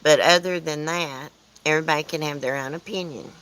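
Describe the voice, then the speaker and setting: Low-voiced chatty Southern US woman. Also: brisk, fairly bright tone, rough recording. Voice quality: chatty, rambling, answers chat comments aloud. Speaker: livestream host. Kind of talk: casual livestream chat with viewers. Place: outdoors at home, windy.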